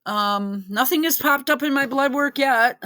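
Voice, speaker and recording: A woman's voice: high voice, measured pace, sharp tone, dry recording. Sarcastic woman with a dry close voice. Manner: sarcastic, swears, breaks into laughter. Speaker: reaction video host. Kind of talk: casual commentary over a video.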